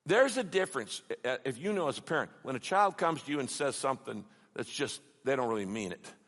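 A middle-aged man preaching a sermon, passionate and emphatic, building to loud peaks. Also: medium pitch, very animated, fairly quick. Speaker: pastor. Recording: long hall reverb.

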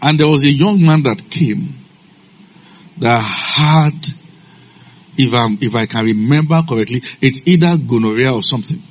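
Unhurried, a preacher relates stories during his sermon in a calm, low voice, every so often erupting into loud shouted commands.

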